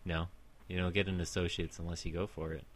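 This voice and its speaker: A man's voice: low-pitched, flat delivery, quick pace, slight background noise. A man in casual chat with friends, chatty and explaining things at length.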